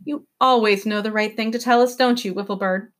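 A woman's voice: medium pitch, fairly even intonation, fairly quick, natural voice. A woman doing a blunt young boy. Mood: plain. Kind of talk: read-aloud storybook voice.

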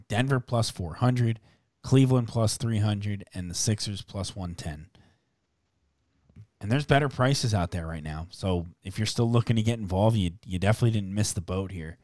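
A man hosting a sports betting podcast, chatting casually and briskly reeling off odds and numbers. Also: fairly low pitch, a little mellow, no echo, clean studio sound.

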